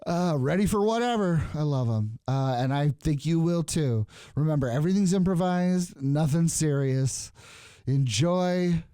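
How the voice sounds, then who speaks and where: A man's voice: a little high, lively intonation, unhurried, dark tone, smooth, no room sound. A young man hosting an improvised comedy podcast from a studio, introducing his guest and then playing it straight while interviewing him with playful questions. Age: young adult. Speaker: podcast host.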